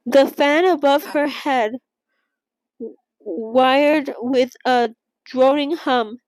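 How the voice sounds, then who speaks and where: A young woman reading a novel aloud in a casual read-along and reacting emotionally, with halting restarts and gasps. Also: high-pitched, darkish tone, no echo.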